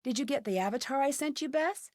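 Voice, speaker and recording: A woman's voice: high voice, fast, no echo, clean studio sound, close to an everyday voice. Nancy Drew, a woman voicing a young detective. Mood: curious. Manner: inquisitive, friendly. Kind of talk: video game dialogue.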